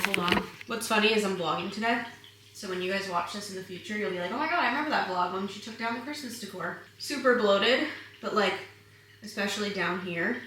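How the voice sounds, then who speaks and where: A woman's voice: medium pitch, bright, forceful tone, slight background noise. A young woman chatting casually in a pregnancy vlog at home, tired and a bit breathless, telling stories in a bubbly, giggly way. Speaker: vlogger. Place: home, indoors. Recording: echoey room, mic a bit far.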